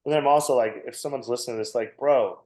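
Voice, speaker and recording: A man's voice: mid-range voice, rapid-fire, a little mellow. A man in his forties, a comedian guest, telling a long, self-mocking story on a podcast and laughing often. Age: 40s. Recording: roomy echo.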